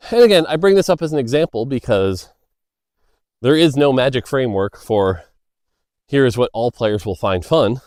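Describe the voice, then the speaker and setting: Out on a walk by a road, a male game designer gives a loose, filler-heavy Q&A monologue, drifting into stories as he answers. He speaks in an expressive, slightly mellow mid-range voice at normal speed. The audio has studio quality with no room sound.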